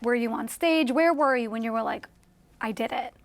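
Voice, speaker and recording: A woman's voice: a little high, moderate pace, vocal fry. A woman hosting a casual interview, backing her guest with short affirmations and asking him questions. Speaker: talk show host.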